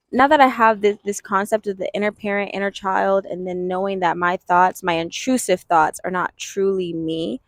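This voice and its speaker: A woman in her twenties talking earnestly and thoughtfully to camera in a reflective self-help vlog, pausing and restarting as she works through her thoughts. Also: mid-range voice, dry recording. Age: 20s. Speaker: vlogger.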